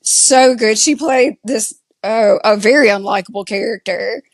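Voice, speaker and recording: Slow-talking Southern woman recapping TV. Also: on the high side, no echo. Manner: slow, chatty, lots of "like" fillers. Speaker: podcast co-host. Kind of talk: casual TV recap chat.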